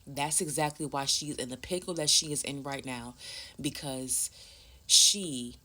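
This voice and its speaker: A woman's voice: very deep voice, steady tone, a little slow, sharp tone. A woman vlogger telling a personal story in a casual, blunt and emphatic way, swearing freely.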